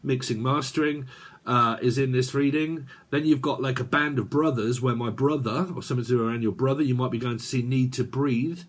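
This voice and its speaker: A man's voice: mid-range voice, fairly even intonation, a little fast. A man giving a casual tarot reading, rambling from one idea to the next with many fillers. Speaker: tarot reader.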